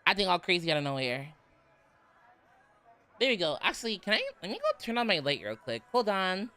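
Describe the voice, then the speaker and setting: A man's voice: high-pitched, huge pitch swings, brisk, pushed and bright, clean tone. A man chatting casually on a stream, bubbly and playful, rambling and giggling as he talks from his room at home. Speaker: VTuber streamer.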